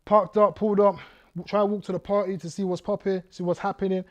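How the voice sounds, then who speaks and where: With a high voice, level tone, and fast delivery, this man comes through on dull audio. He is a guest speaker sharing his testimony with young people, bringing his life story alive by reenacting scenes and engaging the crowd.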